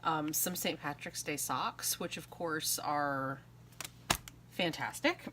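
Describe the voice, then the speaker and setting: A woman's voice: low-pitched, takes it slowly, noisy background. A woman in her thirties, a craft vlogger, chatting casually and giggling as she shows off mail she received. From United States. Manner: chatty, giggly, trails off with ums. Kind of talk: casual chat.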